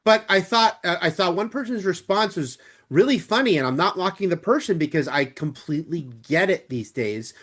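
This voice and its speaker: An animated man with a fairly high voice and a lively, swooping delivery co-hosts a film podcast. He talks in casual, rambling asides with a jokey edge. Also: moderate pace. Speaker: podcast co-host. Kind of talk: casual chat.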